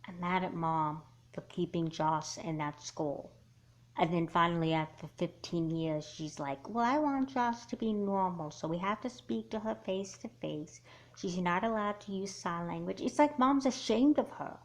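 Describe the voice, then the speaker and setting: A woman voicing an angry, hurt teenage girl in a doll movie, talking in a halting, sighing way. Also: lowish voice, lightly acted. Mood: resentful.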